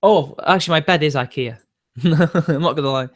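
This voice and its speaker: A man's voice: on the high side, moderate pace. A young man, arguing defensively with his live-stream chat and laughing between points.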